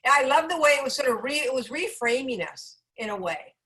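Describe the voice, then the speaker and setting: A woman's voice: sits high, lively intonation, brisk, sharp tone, rough recording. A woman chatting casually about her own experience, emphatic and laughing often. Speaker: product user sharing her experience. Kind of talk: casual testimonial chat.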